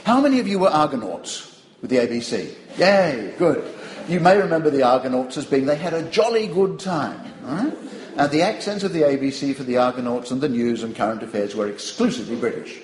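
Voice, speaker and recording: A man's voice: mid-range voice, a little fast, echoey room, poor audio. An older man giving a public lecture, wry and digressive, telling stories to an audience. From Australia. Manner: wry, digressive, animated storytelling.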